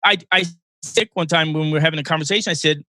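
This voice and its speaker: Podcast host, male, 60s, bright pitched-up voice, earnest storyteller, dry close sound. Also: fast, no echo. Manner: earnest storytelling, emotional at times. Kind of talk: casual interview chat.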